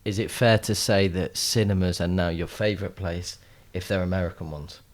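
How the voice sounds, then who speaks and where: A man co-hosting a casual podcast, cutting in with teasing jokes and quick questions. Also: low voice, steady tone. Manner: joking interjections and teasing. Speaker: podcast co-host. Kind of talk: casual chat.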